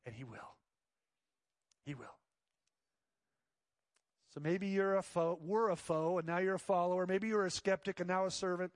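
High-voiced animated male preacher. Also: moderate pace, pauses often, no room sound, clean studio sound. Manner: animated storytelling, acts out voices of disciples; drops to soft pleading tones. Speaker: pastor. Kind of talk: sermon.

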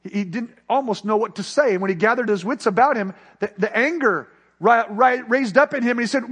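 High-voiced man preaching a story. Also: fairly quick, husky. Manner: earnest, rising then hushed. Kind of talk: sermon storytelling.

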